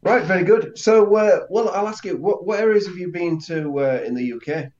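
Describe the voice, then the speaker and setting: A man's voice: high voice, normal speed, a little mellow. A man from England learning Italian, asking curious, tentative questions in a conversational lesson. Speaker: learner and co-host. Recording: dull lo-fi sound.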